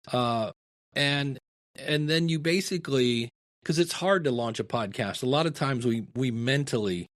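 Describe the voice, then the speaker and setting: Middle-aged man, storyteller, casual interview, animated quoted voices. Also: mid-range voice. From Ohio, USA. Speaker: podcasting guest and teacher.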